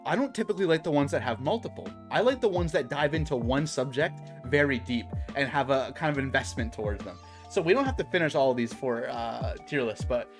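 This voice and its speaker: A young adult man streaming, telling a work story in casual chat, swearing and saying bro a lot. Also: a little high.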